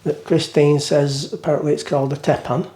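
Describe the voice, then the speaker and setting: A man's voice: a little high, steady tone, a little fast, dark tone, husky. A man rambling through a casual cooking vlog in his home kitchen, jokey and chatty as he cooks. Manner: rambling, jokey, talks to himself while cooking. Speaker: cooking vlogger.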